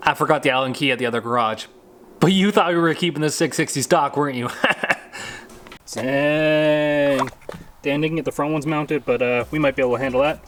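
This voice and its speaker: This casual workshop vlog follows a Canadian man putting together a drag lawnmower in his home garage. His slightly bright, higher-pitched voice moves at a moderate pace, joking and offhand with the odd swear word. The room echoes, and there's faint noise.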